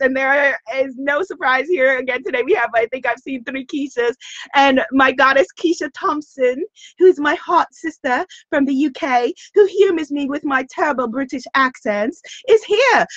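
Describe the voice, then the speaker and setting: A woman hosting a motivational live stream, speaking in an animated, emphatic way and repeating phrases for stress. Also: sits high, no echo. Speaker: host of a live broadcast. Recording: dull lo-fi dry stream audio.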